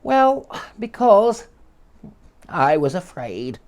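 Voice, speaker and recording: A man voicing a shy, timid little man who stammers in a squeaky voice in a storybook. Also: big pitch swings, very slow, full character voice.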